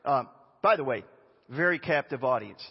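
A man preaching a sermon as a pastor, animated and conversational, with chatty asides. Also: mid-range voice, moderate pace, vocal fry, slightly rough. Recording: dull lo-fi sound with long reverb in a hall.

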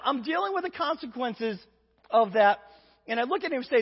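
A man's voice: extremely high pitch, animated, fast talker, breathy edge. A man giving a sermon, telling a funny personal story and acting out the voices in it. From Indiana, US. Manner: storytelling, acts out voices, self-deprecating humor. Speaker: preacher. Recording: dull lo-fi recording in a reverberant hall.

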